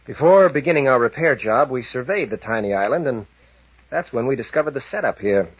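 An actor playing a calm, decisive adventurer pilot captain with a steady, commanding manner and a husky voice, in 1940s radio acting style. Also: male voice, medium pitch, fairly quick, dry recording. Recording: dull, dry old radio broadcast.

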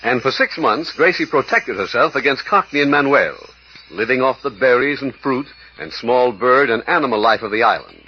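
A man's voice: medium pitch, expressive, normal speed, breathy edge. A man narrating and announcing a 1940s radio adventure drama with a dramatic delivery. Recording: dull old radio broadcast.

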